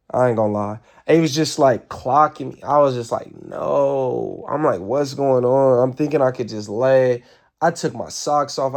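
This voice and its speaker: A man telling a casual storytime on a live stream, rambling and animated as he talks straight to his viewers. He swears freely and sounds tired, with the odd yawn. His pitch sits right in the middle. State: tired, yawning.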